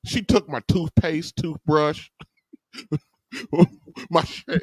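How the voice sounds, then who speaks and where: A man with a fairly high voice, a guest telling an animated, rambling story in casual chat. The sound is dry and close, with little room. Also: takes it slowly, no room sound. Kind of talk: casual conversation.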